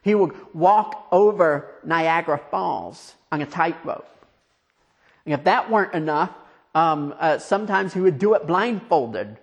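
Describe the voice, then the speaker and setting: A man preaching a conversational, storytelling sermon, asking his listeners questions and dropping quiet for emphasis. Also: a little high, lively intonation, a little slow, lo-fi sound.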